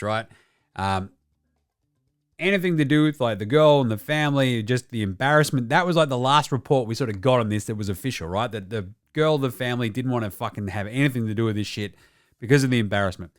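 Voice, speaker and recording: A man's voice: medium pitch, dry recording, studio quality. A man with an Australian accent hosting a casual basketball show, ranting with a lot of swearing. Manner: profane, ranting. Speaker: host.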